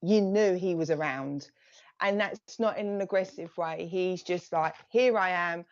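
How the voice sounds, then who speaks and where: A woman medium talking on a live stream, chatty and running from one message to the next. Her voice sits a little low, and the sound is dull and lo-fi, as in a budget stream. The room is dry, with no echo. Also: a little slow, darkish tone. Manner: chatty, relays messages in bursts, thanks viewers by name. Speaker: psychic medium giving live readings. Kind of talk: live-stream reading to viewers.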